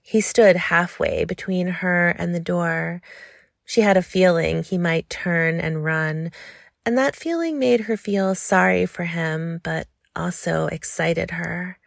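Slow gravelly woman reading a story. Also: lowish voice, dry recording, studio quality. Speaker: narrator.

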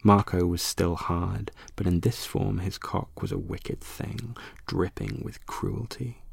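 A man narrating an erotic horror audiobook in a slow, hushed, dramatic reading on a close mic. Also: low voice, fairly even intonation, creaky, husky, no echo.

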